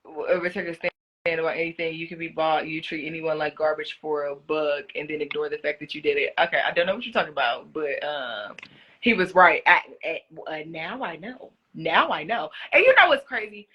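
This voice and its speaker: A young woman in casual live-stream chat, answering fan questions about being a reality show contestant, talking in an animated way with many fillers. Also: low voice, moderate pace, muffled recording. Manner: chatty, animated, lots of "like" fillers. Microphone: phone.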